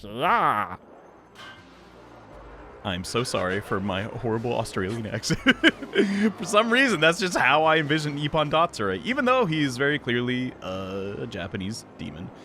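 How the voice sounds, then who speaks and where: A man's voice: mid-range voice, big pitch swings, normal speed, sharp tone, a little hiss or hum. A man giving casual gameplay commentary as the host of a let's play, wry, sarcastic and chatty.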